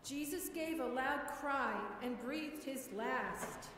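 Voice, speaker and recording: A woman lector reading scripture at Mass in a measured, steady proclaiming manner. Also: sits high, background noise. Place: large church. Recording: echoey church from far off.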